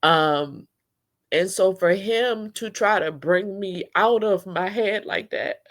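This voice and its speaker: A woman's voice: mid-range voice, takes it slowly. A middle-aged woman, tearfully and candidly recounting a hard church rehearsal to her viewers. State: crying at times. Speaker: church singer telling her story. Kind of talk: emotional personal storytelling.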